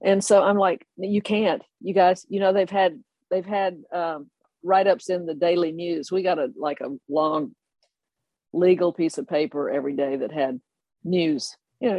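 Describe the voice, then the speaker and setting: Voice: mid-range voice, moderate pace, dry recording. Older person telling a long family story, laughs a lot, does the voices, dry close sound. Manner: animated, laughing anecdote telling. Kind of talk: oral history storytelling.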